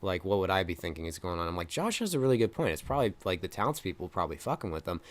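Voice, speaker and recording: Give me a low-pitched young man co-hosting a movie review, chatty and rambling. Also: very animated, racing. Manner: rambling retelling with many fillers, acting out lines. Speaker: film review podcast co-host. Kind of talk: casual chat.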